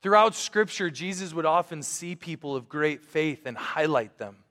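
A man with a slightly high voice preaches in a conversational, storytelling way, earnest and warm to the congregation, restarting phrases as he goes. His voice rings out with a long hall reverb, as if in a church sanctuary. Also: animated, normal speed. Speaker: pastor. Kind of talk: storytelling sermon.

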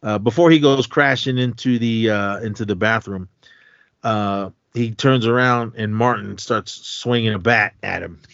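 Retelling a horror movie on a podcast he co-hosts, a man with a lowish, creaky and slightly bright voice casually acts out the characters' lines in quick quotes. The recording is dry and dull.

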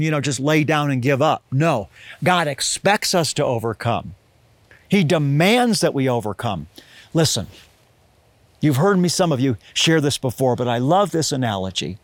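Male preacher, fairly high voice, dry close sound; reads scripture and expounds it earnestly. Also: no echo. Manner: reads scripture aloud, then explains it with earnest emphasis. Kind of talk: sermon.

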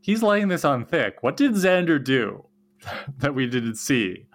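A woman's voice: extremely low pitch, big pitch swings, slow pace. A woman co-hosting a podcast, making wry, teasing comments in casual chat. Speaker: podcast co-host.

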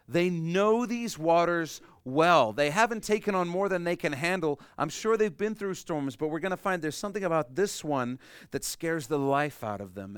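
A man preaching a sermon, explaining a passage emphatically and swinging between loud and hushed delivery. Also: fairly high pitch, clean tone, no room sound, clean studio sound. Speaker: pastor.

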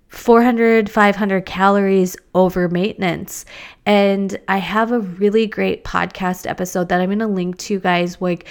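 A woman's voice: mid-range voice, clean tone. A woman in her thirties, a mom and podcaster, in a candid, chatty talk full of "like". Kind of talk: casual chat.

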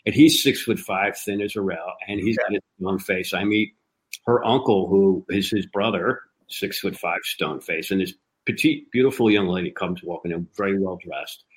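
A man from a cigar company, a guest telling animated stories and acting out the dialogue. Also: low voice, normal speed, poor audio. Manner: lively storyteller who acts out quoted dialogue. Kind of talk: animated anecdotal storytelling.

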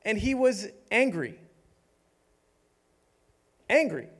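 A young man preaching a sermon, animated and humorous, acting out voices from the story. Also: sits high, extremely slow, breathy edge. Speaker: pastor.

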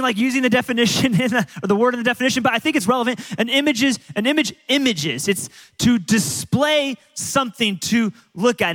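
A man's high, bright voice carries through the long reverb of a large church hall. He preaches as a pastor, telling stories in an animated way and often stopping to restart his sentences. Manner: animated storytelling with frequent restarts. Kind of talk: sermon.

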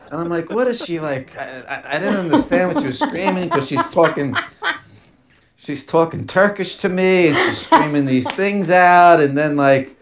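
A man spins a long, loose story on a podcast, full of fillers and restarts. He keeps breaking into laughter as he goes. His voice sits at an ordinary middle pitch. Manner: rambling, laughs often, many fillers and restarts. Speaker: podcast guest telling a story. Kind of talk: casual storytelling.

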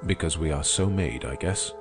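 A man's voice: rumbling low, moderate pace, soft background music. A man voicing a grave, matter-of-fact debater. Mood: assured. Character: confident male socialist debater, calm and grave. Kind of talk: audiobook character voice.

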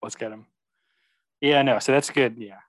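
A man's voice: medium pitch, steady tone, normal speed, dry recording, rough recording. A young man chatting about football, agreeable and hesitant, full of ums and yeahs. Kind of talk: casual sports chat.

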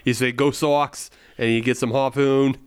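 A man co-hosting a laid-back beer podcast, cracking jokes and laughing as he talks. His voice is smooth and clear, recorded close and dry with no room sound. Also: mid-range voice, flat delivery, moderate pace, no room sound. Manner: jokey, laughs often, puts on a mock Boston accent. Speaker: podcast co-host. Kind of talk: casual beer podcast banter.

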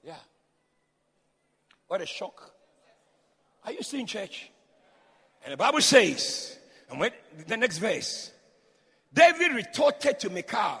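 High bright preacher guy yelling a fired-up sermon, big echoey church hall. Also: very animated, measured pace, pauses often, slightly rough. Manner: loud, fervent, call-and-response. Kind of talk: shouted sermon. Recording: long hall reverb.

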